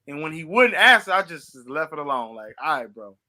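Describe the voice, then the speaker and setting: Sharp, high-voiced, confrontational man. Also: sing-song, fairly quick. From St. Louis, USA. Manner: confrontational, repeats himself, laughs at opponent. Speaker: podcast host. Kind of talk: heated religious debate.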